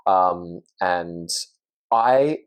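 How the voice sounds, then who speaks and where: A man's voice: deep voice, expressive, drawn-out words, muffled recording. A young man with an Australian accent, a podcast guest talking earnestly and thoughtfully in a casual chat. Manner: earnest, reflective, agreeable.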